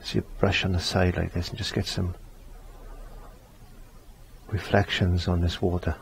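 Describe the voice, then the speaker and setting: A man with a fairly low voice talks a beginner through a painting lesson step by step. He is easygoing and chatty, often repeating a phrase while he works. A faint hiss sits behind him. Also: flat delivery, unhurried, gravelly. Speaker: painting teacher.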